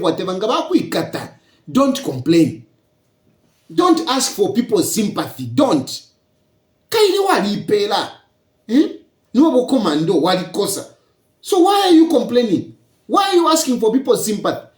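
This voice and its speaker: A Zambian-accented man holds forth as a politician, firing rhetorical questions at his listeners in a lecturing tone. His pitch rises and falls a great deal, and the recording rings with a roomy echo. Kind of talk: public political address.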